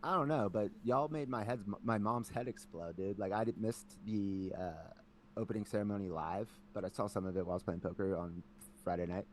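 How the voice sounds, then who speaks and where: A man co-hosting a podcast in casual chat, telling animated stories with lots of "like" and acting out his family. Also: lowish voice, a little fast, a little hiss or hum. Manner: animated storyteller, lots of "like", acts out family members. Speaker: podcast co-host.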